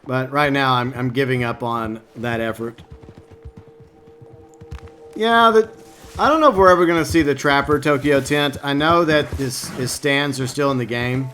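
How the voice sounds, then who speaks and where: A man's voice: mid-range voice, normal speed, sharp tone, soft background music. A man live-streaming a game, rambling casually and answering his viewers by name. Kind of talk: casual gameplay stream commentary.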